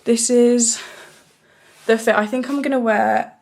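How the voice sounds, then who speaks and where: A woman's voice: on the high side, steady tone, measured pace, a little mellow. Chatty young woman vlogging to camera. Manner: chatty, rambling and self-mocking, swears casually. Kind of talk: casual vlog chat to camera.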